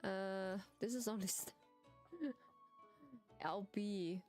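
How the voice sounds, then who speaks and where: A woman with a German accent streaming a video game, chatting casually in halting non-native English, giggling often. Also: medium pitch, a little mellow, soft background music. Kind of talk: casual gaming stream chat.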